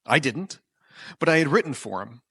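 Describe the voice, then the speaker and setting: A man's voice: medium pitch, sing-song, normal speed, a bit bright, husky, dry recording. Wry male storyteller, dry sound. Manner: wry, self-deprecating, with nervous restarts. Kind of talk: live personal storytelling. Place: small performance venue.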